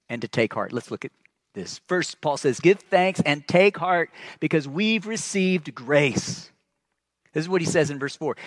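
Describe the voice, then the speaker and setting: A man preaching a sermon as pastor, earnest and emphatic, with frequent restarts and phrases that trail off soft and low. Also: no room sound, clean studio sound.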